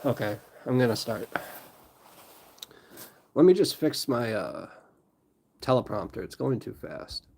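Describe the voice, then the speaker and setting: A man's voice: medium pitch, expressive, measured pace, vocal fry, pauses often, a little mellow, breathy edge. A man hosting a casual livestream, chatting loosely with viewers, laughing often and wandering into rambling asides. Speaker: livestream host and storyteller.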